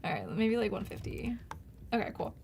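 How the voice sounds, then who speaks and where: A woman's voice: medium pitch, big pitch swings, brisk, vocal fry, a little mellow, slight background noise. A woman hosting a live design stream, chatting and narrating each step with frequent laughs. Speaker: livestream host and designer. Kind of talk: casual live design demo.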